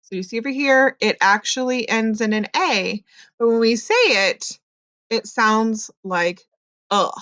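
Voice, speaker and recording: A woman teacher giving a recorded phonics lesson, explaining patiently and slowly with frequent ums. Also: a little high, fairly bright tone, no echo.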